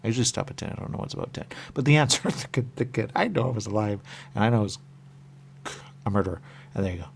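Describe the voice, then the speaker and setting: Gravelly low-voiced man rambling on air. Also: expressive, racing, slight background noise. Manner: repetitive, circling musings with chuckles. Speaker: radio show host. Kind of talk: rambling monologue.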